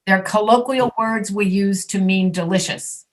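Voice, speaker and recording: Woman, ESL teacher, patient, slow demonstrations, video call. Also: mid-range voice, steady tone. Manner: patient, demonstrates sounds slowly and repeatedly. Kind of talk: online class instruction.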